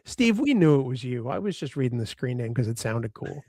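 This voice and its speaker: A man's voice: mid-range voice, very animated, fairly quick, mellow, a little hiss or hum. A man co-hosting a live fan show in casual chat, greeting viewers in the chat and joking around. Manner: chatty, reads out chat names, joking. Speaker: podcast co-host.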